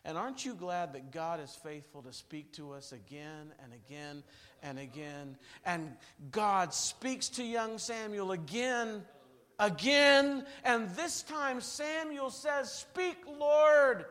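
Dramatic high-voiced male preacher. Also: animated, takes it slowly. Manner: dramatic storytelling, swings from loud to hushed. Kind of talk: revival sermon.

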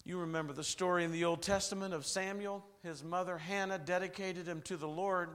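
Dramatic high-voiced male preacher. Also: fairly even intonation, brisk. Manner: dramatic storytelling, swings from loud to hushed. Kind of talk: revival sermon.

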